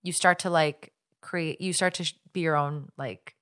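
A young woman hosting a podcast, telling a story in casual, animated chat. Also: low-pitched, moderate pace. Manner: chatty storyteller, animated retelling. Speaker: podcast host.

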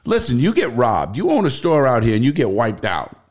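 A middle-aged man with a New York accent, his voice mid-range and a little fast, guests on a podcast. He tells stories bluntly and swears freely, coming across as profane, animated, and blunt in casual interview storytelling.

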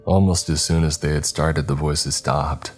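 A man narrating a first-person horror story in a steady, measured scripted reading. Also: a bass voice, faint music behind.

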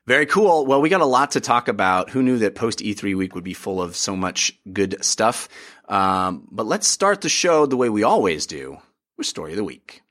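A man hosting a podcast, upbeat and excitable, chatting casually about games with plenty of fillers. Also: fairly low pitch, normal speed. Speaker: podcast host. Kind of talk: casual chat.

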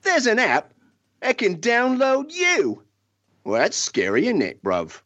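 A man's voice: very high-pitched, wildly swooping pitch, slow, a bit bright, dull audio, voice pushed up, heavily acted. A man putting on a heavy, exaggerated Cockney accent as a cheeky bloke reading out plot lines for laughs. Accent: put-on Cockney. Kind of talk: comic parody reading.

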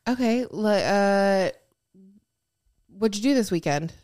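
A woman's voice: medium pitch, animated, slow, darkish tone. A woman co-hosting a casual podcast, reading listener messages aloud and giggling as she riffs on them.

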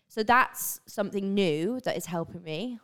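A young woman from northern England, her accent softened by years in the south, chatting openly and animatedly as a guest on a podcast. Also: mid-range voice, unhurried. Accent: northern English, softened by years in the south. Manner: animated, drops into silly put-on voices. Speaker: online creator, guest. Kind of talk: casual podcast chat.

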